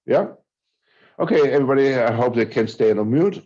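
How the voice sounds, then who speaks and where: A man's voice: mid-range voice, normal speed, mellow. Man giving an online talk. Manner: conversational, hesitant, with filler restarts. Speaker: conference speaker. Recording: dull lo-fi audio.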